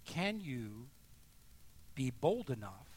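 A man preaching a sermon as pastor, emphatic and deliberate, sometimes dropping to a hushed near-whisper. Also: medium pitch, big pitch swings, slight background noise.

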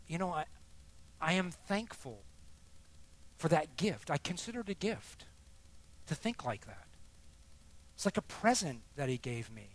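A man's voice: on the high side, big pitch swings, a little slow, pauses often. Emotional man telling a faith story. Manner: emotional storytelling, swings from hushed to loud and emphatic. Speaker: speaker sharing testimony. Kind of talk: sermon-style personal testimony.

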